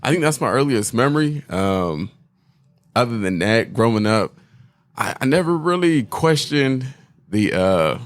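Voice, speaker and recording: A man co-hosting a casual podcast, speaking in a relaxed, reflective, slightly halting way. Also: mid-range voice. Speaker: podcast co-host.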